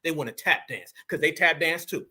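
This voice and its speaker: High, bright-voiced man ranting. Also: fairly quick. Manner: emphatic preaching slang. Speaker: commentary host. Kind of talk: reaction commentary.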